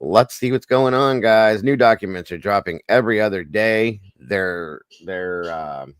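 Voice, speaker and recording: A man's voice: fairly low pitch, unhurried, clean tone, no echo, studio quality. A man hosting a casual livestream, chatting and greeting viewers by name one after another. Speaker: livestream host.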